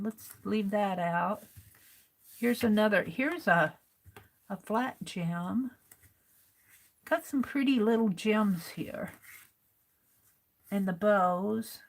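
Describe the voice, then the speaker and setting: An American woman with a mid-range voice hosts a craft livestream, chatting casually and muttering to herself while she sorts through supplies.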